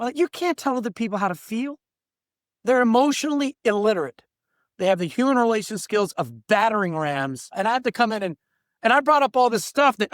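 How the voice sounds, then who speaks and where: Talking fast in an extremely high voice full of lively intonation, a middle-aged workplace coach and diversity trainer animatedly tells blunt stories in a podcast interview, performing the voices of those he quotes. It's a dry, studio-quality recording.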